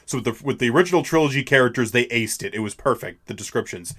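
A man's voice: mid-range voice, lively intonation, quick pace, a bit bright, slightly rough. A young man co-hosting a podcast, chatting casually and laughing often. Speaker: podcast co-host. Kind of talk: casual chat.

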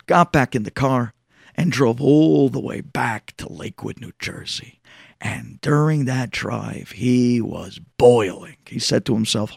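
A man, a rabbi, telling a story, acting out the dialogue and swinging between hushed lines and shouts. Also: medium pitch, creaky, husky, no room sound, clean studio sound. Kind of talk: sermon storytelling.

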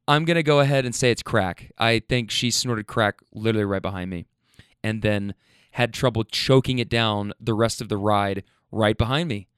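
A young man telling a rideshare story in a casual, animated way, swearing a lot and restarting his sentences. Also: mid-range voice, clean tone, no room sound, studio quality. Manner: animated, profane, rambling with restarts.

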